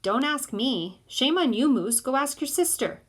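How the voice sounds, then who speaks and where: A woman's voice: high-pitched, animated, unhurried, pitched above the performer's own voice. Woman reading a stern, eager mother. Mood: scolding, eager. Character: stern but hopeful mother.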